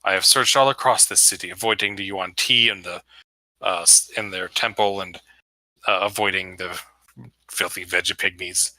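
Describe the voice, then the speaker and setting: A man voicing a sly, wheedling male cat-folk hunter in a tabletop game, attempting a halting, thick Russian-style accent. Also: low-pitched, fairly even intonation, bright, forceful tone, no room sound, low-quality recording. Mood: shifty. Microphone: computer mic over online voice chat.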